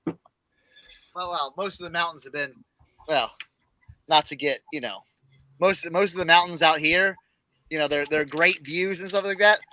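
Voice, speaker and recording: A man chatting excitably on a panel of resellers, restarting and repeating words often. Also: on the high side, normal speed, long pauses, no room sound. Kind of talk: casual group chat.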